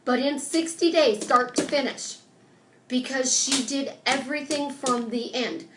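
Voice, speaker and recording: Woman life coach, motivational live stream delivery, animated and emphatic, high voice, echoey room sound. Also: a little slow, noisy background. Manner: emphatic and animated, acting out little dialogues.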